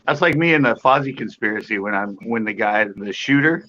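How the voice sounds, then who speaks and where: An upbeat, chatty man on a live-stream panel who is quick to laugh, heard through dull lo-fi audio. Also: on the low side, animated, sharp tone, slight background noise. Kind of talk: casual live-stream chat.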